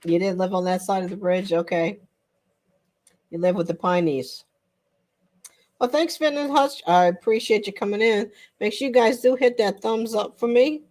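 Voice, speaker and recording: A woman's voice: medium pitch, normal speed, darkish tone. An older woman hosting a casual livestream chat with viewers, chatty and rambling, often breaking into laughter. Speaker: livestream host.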